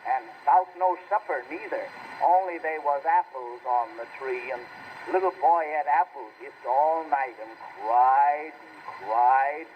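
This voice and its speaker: A man's voice: mid-range voice, measured pace, lo-fi sound, slight background noise, lightly acted. A man reciting as a small boy, telling a bear story in folksy dialect with stumbling restarts. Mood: earnest rambling. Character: small boy rambling through a bear tale.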